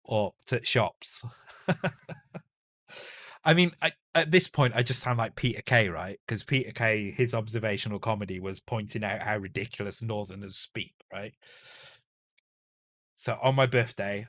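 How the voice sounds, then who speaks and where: Coding a retro game on a live stream, a man with a Northern English accent mutters along, corrects himself and swears casually for laughs. He takes his time and pauses often, his fairly low voice carrying a fairly bright tone with no room sound.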